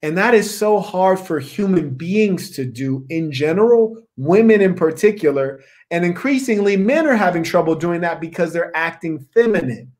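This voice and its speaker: A man's voice: high-pitched, lively intonation, normal speed, hardly any pauses, darkish tone. Emphatic, preachy man hosting a talk. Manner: emphatic and preachy, repeating key words. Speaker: podcast host. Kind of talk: opinionated discussion.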